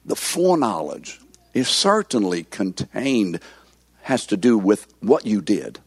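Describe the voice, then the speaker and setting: Low-voiced man teaching a sermon. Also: sing-song, breathy edge, no room sound. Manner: teaching, quizzes the listeners; slows to stress key words. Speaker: pastor.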